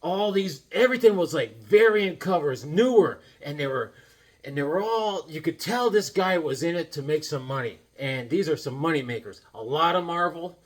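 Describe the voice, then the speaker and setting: A man's voice: fairly high pitch, expressive, moderate pace. A tired man hosting a comic collecting channel from his home comic room, telling stories in a jokey, rambling way. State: tired from lack of sleep. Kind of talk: casual rambling storytelling.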